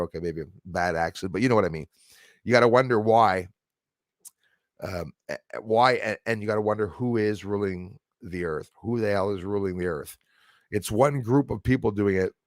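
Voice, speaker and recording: A Canadian man with a lowish voice hosts a casual livestream at a normal speed, speaking emphatically and rambling with lots of fillers and restarts. He reads out and thanks viewers in chat, and the audio is dry and studio quality.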